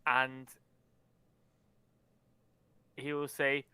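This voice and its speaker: A man's voice: mid-range voice, unhurried, fairly bright tone, smooth, dry recording. A man playing a character at a tabletop game, hesitant and apologetic with stammered restarts. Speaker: player.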